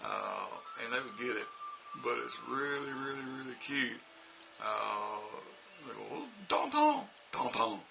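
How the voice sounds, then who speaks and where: A man's voice: medium pitch, unhurried, vocal fry, lo-fi sound, background noise. A man, an English teacher, telling a casual, rambling story full of "you know" and "uh". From United States.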